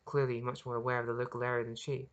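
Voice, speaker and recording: An author reading their own story aloud as narration, earnest and expressive, with occasional small restarts. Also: medium pitch, fast, lo-fi sound. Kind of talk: audiobook narration.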